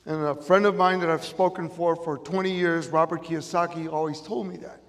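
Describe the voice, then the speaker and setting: With a fairly high pitch and moderate pace, a middle-aged Chicago-accented man gives an emphatic motivational stage talk that keeps repeating its key phrases. The audience-filled event room produces the long reverb of a large room.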